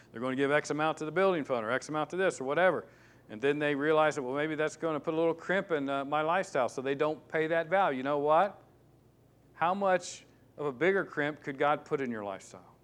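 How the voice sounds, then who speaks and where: Emphatic preacher man, slightly high voice. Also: clean tone. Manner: emphatic, swings between loud and hushed; repeats key words for stress. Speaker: pastor. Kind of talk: sermon.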